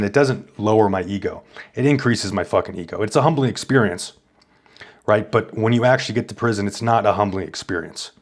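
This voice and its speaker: A man hosting a stream, telling a rambling, boastful story in crude, casual chat. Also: on the low side. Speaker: streamer host.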